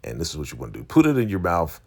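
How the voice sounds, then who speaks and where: A man voicing a domineering male cult leader who speaks quietly and menacingly. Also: low-pitched, huge pitch swings, racing, creaky, breathy edge, full character voice.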